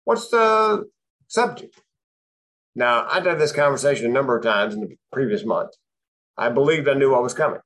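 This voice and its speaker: A man's voice: medium pitch, fast. Man telling stories with dry punchlines. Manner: dry, punchline-driven timing. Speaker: comedian and speaker. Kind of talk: comic storytelling on mental health.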